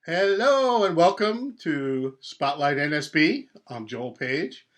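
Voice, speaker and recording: Slow-talking, higher-voiced male host. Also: animated. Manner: rambling, laid-back asides. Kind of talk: casual interview and sign-off.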